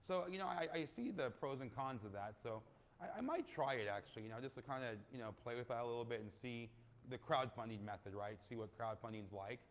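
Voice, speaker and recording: A man talking casually in an interview as a real estate investor, animated and storytelling, acting out quoted people and ending many sentences with "right?". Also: mid-range voice, fast talker. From California.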